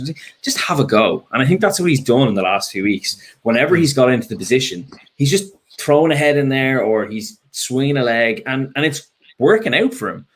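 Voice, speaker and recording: A man's voice: medium pitch, lively intonation, fairly quick. An Irish man chatting as a fan guest after a match, frank and rambling, with lots of ums and restarts. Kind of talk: casual post-match chat.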